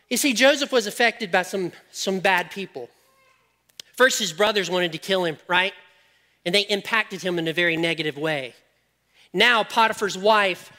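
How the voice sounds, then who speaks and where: A man preaching a sermon, animated and joking with his listeners, then dropping to quiet, probing questions. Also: high voice. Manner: animated, jokes with the audience, drops to quiet questions.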